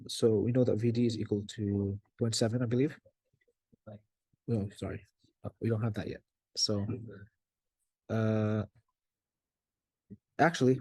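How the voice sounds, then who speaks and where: A man's voice: mid-range voice, dark tone, no room sound. A young man tutoring as he works through a circuit problem, thinking aloud with frequent fillers and self-corrections.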